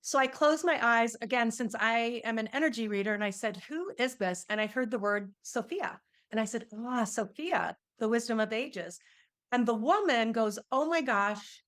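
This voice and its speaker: A woman's voice: fairly high pitch, expressive, moderate pace, a bit bright. A middle-aged woman, an energy healer, telling a personal story in an interview and acting out the quoted dialogue with animation.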